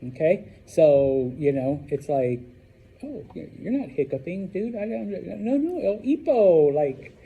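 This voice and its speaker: A man's voice: on the high side, dark tone, slightly rough. A man teaching a Spanish class to students, talking casually and checking in with "okay?" after each point.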